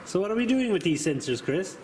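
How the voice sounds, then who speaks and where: A jokey Irish man with a fairly high voice, ribbing his mate as he films a car build. The sound is roomy and echoey, with steady workshop noise behind him. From Ireland. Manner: teasing, jokey, laughs often. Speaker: co-host filming the build. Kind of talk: casual banter. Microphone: handheld camera mic. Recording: echoey garage, background noise.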